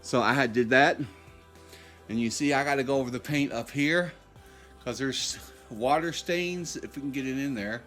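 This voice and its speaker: A man's voice: mid-range voice, a bit bright. A man walking through his home while filming, talking in a rambling, conversational way and repeating himself. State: short of breath at times. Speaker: homeowner vlogger. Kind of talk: casual walkthrough video. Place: inside his house and outside in the yard.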